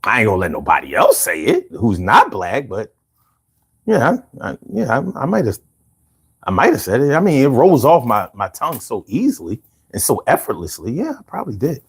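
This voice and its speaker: A man's voice: mid-range voice, wildly swooping pitch, moderate pace, breathy edge. A man hosting a livestream podcast, chatting casually and reading viewer comments with loose, profane banter.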